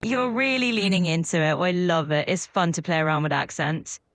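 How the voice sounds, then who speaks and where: A woman's voice: on the low side, moderate pace, a bit bright. A woman's voice with a British accent, an AI voice assistant chatting in an upbeat, soothing and accommodating way. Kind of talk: chatbot conversation.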